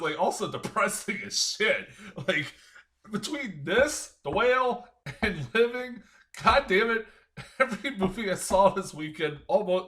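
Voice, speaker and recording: Animated, swearing guy reviewing films. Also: sits high. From United States. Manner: rambling, profane, chuckling, lots of fillers. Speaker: film reviewer. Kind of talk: casual film review.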